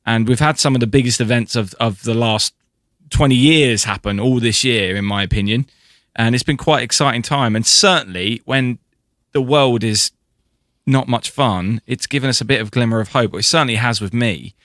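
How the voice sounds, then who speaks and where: A man co-hosting a podcast, speaking in a measured way with frequent fillers. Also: medium pitch, a bit bright, no room sound, clean studio sound. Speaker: podcast co-host. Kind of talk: casual chat.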